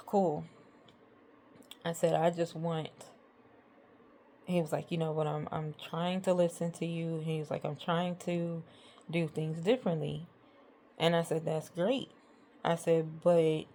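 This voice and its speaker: A woman's voice: deep voice, warm tone, slight background noise. A woman vlogger telling a storytime about arguments with her partner, rambling and exasperated as she retells what was said. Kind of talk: casual storytime monologue.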